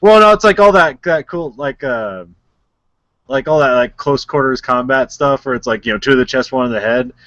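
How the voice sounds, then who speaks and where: A man's voice: mid-range voice, normal speed, fairly bright tone, no echo, dull audio. A man co-hosting a podcast, retelling a movie in casual chat, rambling with lots of filler words and frequent laughs. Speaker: podcast co-host.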